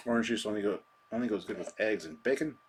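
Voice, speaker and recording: A man's voice: fairly low pitch, quick pace, breathy edge. A man hosting a live stream, chatting casually and rambling through viewer comments with a self-deprecating manner.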